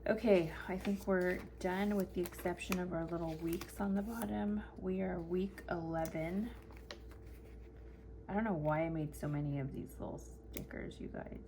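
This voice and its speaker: A middle-aged woman chatting casually at her home craft desk, telling an animated story and acting out what people said. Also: fairly low pitch, moderate pace, noisy background. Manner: animated, acts out quotes with laughter. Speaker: planner vlogger. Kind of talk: chatty storytelling while decorating a planner.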